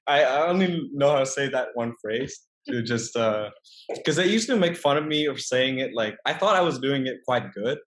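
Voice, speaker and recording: A young man with a Vietnamese accent talks casually as a guest, his English shaped by Vietnamese as his first language. His voice sits at an ordinary middle pitch, and he stops and restarts his sentences, padding them with fillers as he thinks aloud. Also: expressive, moderate pace, fairly bright tone. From northern Vietnam. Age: young adult. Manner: hesitant, many restarts and fillers. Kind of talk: casual interview chat.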